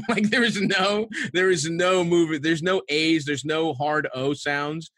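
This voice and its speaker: On a podcast, a guest from Baltimore, USA spins crude, rambling stories and laughs often in casual chat. His voice is a little high and fairly bright, his delivery a little slow, and there's no room sound.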